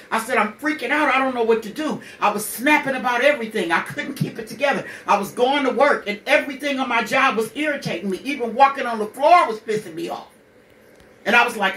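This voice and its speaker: A woman's voice: a little high, pushed and bright, echoey room, distant mic. A woman in her sixties hosting a radio show, telling her own hard story bluntly, with curses and rhetorical questions. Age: 60s. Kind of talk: candid personal monologue.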